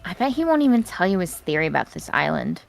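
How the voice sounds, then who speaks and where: A woman's voice: fairly low pitch, very animated, quick pace, gravelly, soft background music, exaggerated voice. A woman voicing a jealous, desperate female spirit, reading its taunting lines from a game aloud. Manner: taunting, mocking dramatic read-aloud.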